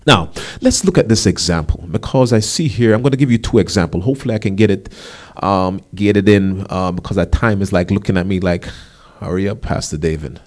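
A male pastor preaching a sermon, animated, with rising emphasis and casual asides. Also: on the low side, brisk.

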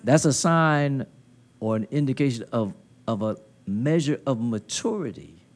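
A man preaching a sermon at a conference into a handheld mic, building to loud emphatic call-and-response peaks with folksy, colloquial phrasing. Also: medium pitch, lively intonation, measured pace. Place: conference hall.

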